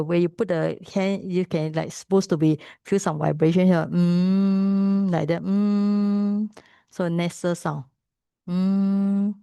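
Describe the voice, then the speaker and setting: A woman with a Malaysian English accent teaching Pali pronunciation, patiently repeating sounds slowly. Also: lowish voice, vocal fry, mellow, dry recording, studio quality. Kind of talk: pronunciation lesson.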